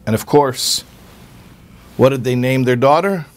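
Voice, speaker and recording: A man giving an earnest storytelling talk, often repeating words and pausing with fillers. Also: medium pitch. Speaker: speaker giving a religious talk.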